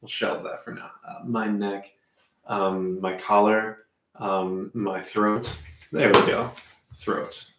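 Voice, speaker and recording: A man playing an improv word game, talking in a halting, musing way. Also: lowish voice, fairly even intonation, fairly bright tone, reverberant, slight background noise. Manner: halting, musing, full of fillers.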